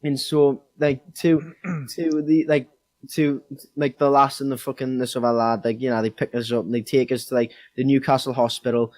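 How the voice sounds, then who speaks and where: A man's voice: mid-range voice, flat delivery, normal speed, darkish tone, no echo. A young man with a Geordie accent telling a rambling, sweary story in casual podcast chat. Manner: rambling, heavy swearing, many fillers. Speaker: podcast co-host.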